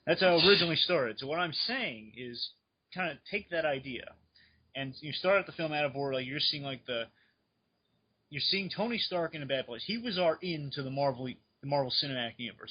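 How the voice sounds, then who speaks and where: A man in casual chat on a fan podcast, excitedly rambling through his speculation. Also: fairly high pitch, a little fast, slightly rough. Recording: dull lo-fi recording.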